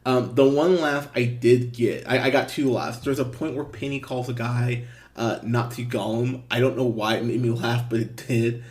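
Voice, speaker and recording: A man's voice: mid-range voice, moderate pace. A man hosting a movie podcast, giving a casual, blunt review with frequent swearing and restarts. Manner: blunt, swears, lively emphasis with fillers and restarts. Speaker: podcast host.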